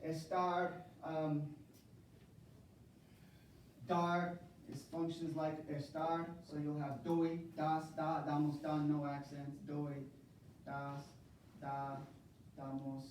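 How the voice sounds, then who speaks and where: A male university Spanish teacher lecturing on verb conjugations, calling out forms and repeating the students' answers. His voice is mellow and low in brightness, with a slightly raised pitch. It is recorded from across an echoey classroom with faint background noise. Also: recorded from a distance. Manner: drills verb forms call-and-response with students.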